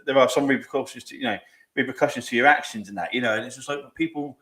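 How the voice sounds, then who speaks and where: A man's voice: medium pitch, fast, bright, forceful tone. A man, co-hosting a podcast, ranting in sweary casual chat and calling everyone mate. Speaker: podcast co-host. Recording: roomy echo.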